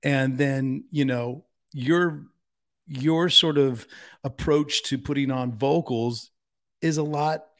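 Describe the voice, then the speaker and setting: A man hosting a casual interview, relaxed and joking, laughing often. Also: mid-range voice, takes it slowly. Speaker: podcast host.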